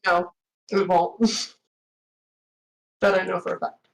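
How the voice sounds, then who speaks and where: A woman's voice: on the low side, little pitch movement, slow pace, low-quality recording. A woman playing a tabletop game, joking bluntly and describing her character in the third person. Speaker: player.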